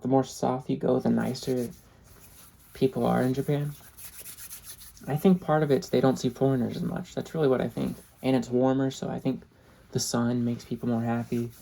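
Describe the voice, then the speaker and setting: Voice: medium pitch, vocal fry, warm tone. An ASMR creator telling a travel story in a chatty, casual way. The speaker laughs often and drops in short Japanese phrases.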